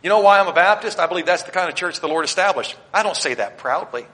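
Bright-voiced preaching man in a reverberant hall. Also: sits high, animated, quick pace. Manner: emphatic preaching, swinging between loud declarations and quiet asides; addresses the congregation directly and points them to their notes. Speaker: Baptist pastor. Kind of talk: sermon.

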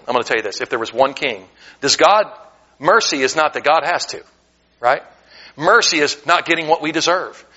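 Fervent, bright-voiced American preacher. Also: male voice, fairly high pitch, dull audio. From United States. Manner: fervent preaching with self-deprecating joking asides. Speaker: pastor. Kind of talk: sermon. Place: church sanctuary.

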